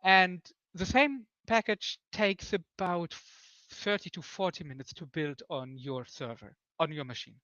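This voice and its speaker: A man's voice: fairly high pitch, a little slow, hardly any pauses, pushed and bright, no echo, highs cut off. A man on a technical call, explaining package builds with many fillers and restarts. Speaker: developer on a conference call. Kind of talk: technical discussion.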